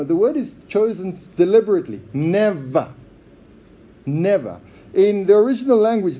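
A man preaching a sermon in a church, emphatic and repetitive, swinging between loud stresses and quiet drops. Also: high voice, breathy edge. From outsider to Zambia.

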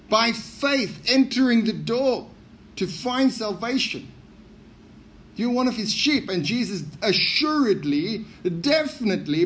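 A man's voice: sits high, fairly bright tone, a little hiss or hum. A man preaching a sermon, emphatic and often repeating key phrases for stress.

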